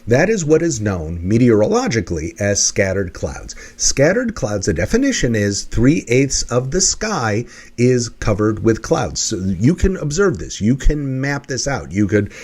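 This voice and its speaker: An energetic male coach explains ideas step by step to camera. His voice sits mid-range but swings widely as he teaches, and he slips into quick character bits to make a point. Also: mid-range voice, slightly rough. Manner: animated teaching, acts out examples in put-on voices. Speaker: leadership and workplace coach. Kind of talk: lecture-style explanation to camera.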